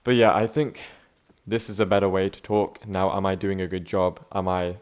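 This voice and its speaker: This is a young man in an unscripted vlog, speaking in a relaxed, self-reflective way. His voice sits a little low. He talks loosely and restarts his sentences often. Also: normal speed, clear, resonant tone. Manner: laid-back, self-reflective, says bro and man a lot, frequent restarts. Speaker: vlogger. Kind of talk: unscripted casual monologue.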